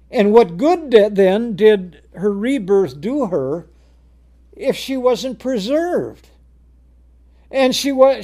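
A man preaching a sermon, reading scripture aloud in old-fashioned wording and explaining it in plain speech, often repeating words and rising to loud emphasis on key words. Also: high-pitched.

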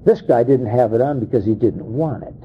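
A man preaching a sermon, dramatic, acting out quoted voices with sharp swings in pitch and pace. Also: a little fast, slight background noise. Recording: dull lo-fi sound.

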